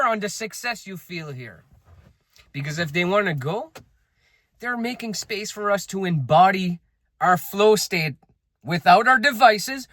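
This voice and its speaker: A man talking as a self-improvement coach in a high, bright voice. He is blunt and emphatic and swears freely. The sound is dry and close. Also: no echo. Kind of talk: unscripted motivational talk.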